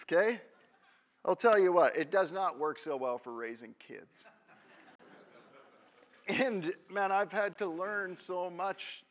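A man's voice: high voice, lively intonation, slow, pauses often. A man in his thirties preaching a sermon in a conversational way, often checking in with the congregation. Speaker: pastor.

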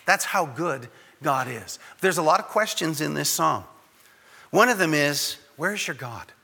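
A high, lively male voice preaching a conversational sermon, now and then acting out the people he quotes. His tone is bright and a little husky. A long hall reverb trails after his words. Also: unhurried. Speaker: pastor.

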